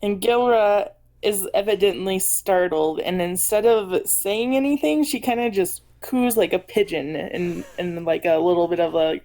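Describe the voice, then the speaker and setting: A woman's voice: mid-range voice, measured pace, warm tone. A woman playing a tabletop game, casually describing what her character does, with plenty of fillers. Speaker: player.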